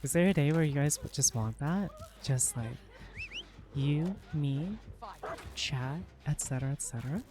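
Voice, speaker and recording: A game streamer chatting casually while playing, in a soft, hushed, ASMR-like voice, relaxed and rambling, laughing easily. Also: mid-range voice, a little slow. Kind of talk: casual live gameplay chat.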